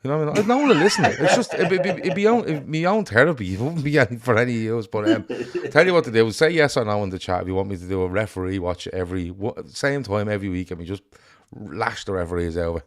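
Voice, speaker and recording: A man with an Irish accent co-hosting a casual football chat, blunt and sweary in an animated rant. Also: fairly low pitch, quick pace. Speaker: podcast co-host.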